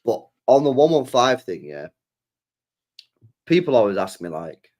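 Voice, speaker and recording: Man, football live stream host, lively swooping pitch, swears a lot, acts out quotes. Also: a little slow, pauses often. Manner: swears freely, animated, acts out imagined dialogue.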